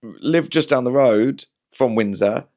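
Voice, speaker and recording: A man's voice: mid-range voice, takes it slowly, a little mellow. A young man with a Berkshire accent from southern England, chatting casually in a rambling, self-deprecating way as a comedian hosting his show. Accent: southern English, Berkshire. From Slough, England. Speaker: comedian host. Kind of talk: casual storytelling chat.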